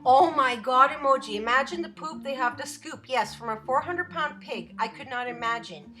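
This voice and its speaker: A young woman talks casually to her live stream viewers from home, rambling from one thing to the next and giggling often. Her voice is high and bright, with a light tune playing faintly behind her. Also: normal speed, soft background music.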